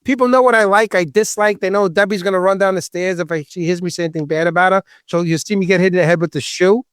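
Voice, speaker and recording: A man with a Long Island New York accent and a loud, distinctive voice, joking and chatting as a podcast host. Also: high-pitched, fast talker, smooth, dry recording, studio quality. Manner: animated, joking, talkative. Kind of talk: casual podcast chat.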